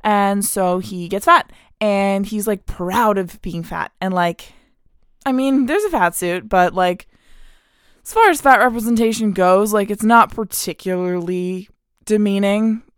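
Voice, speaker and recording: A woman hosting a podcast, ranting in an animated, indignant way with frequent laughs and lots of "like". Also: mid-range voice, a little slow, clean tone, no echo, studio quality. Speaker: podcast host. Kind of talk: podcast rant.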